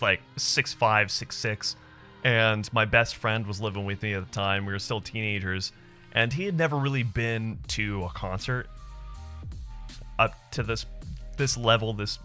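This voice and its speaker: A man's voice: lowish voice, bright, forceful tone. A man in his thirties, live streaming, chatting casually with viewers and telling stories loosely, with plenty of swearing and laughter. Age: 30s. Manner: loose, profane storytelling with frequent laughs.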